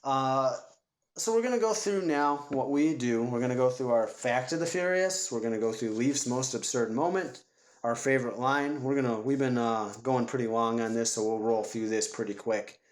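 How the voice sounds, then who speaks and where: A man co-hosts a casual movie podcast, recounting scenes in an animated way and acting out the characters' lines. His voice sits at a middle pitch. The recording has a roomy echo. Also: moderate pace. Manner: animated retelling, acts out movie quotes. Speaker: podcast co-host.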